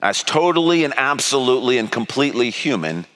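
Male preacher, conversational and earnest, bright tone, reverberant church hall. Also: medium pitch, very animated, fairly quick. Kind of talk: sermon with personal story.

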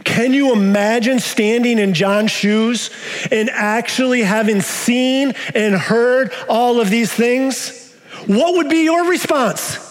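A male pastor delivering a sermon, moving between quiet low stretches and raised, emphatic questions to the congregation. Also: slow pace. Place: church sanctuary. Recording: long reverb of a large hall.

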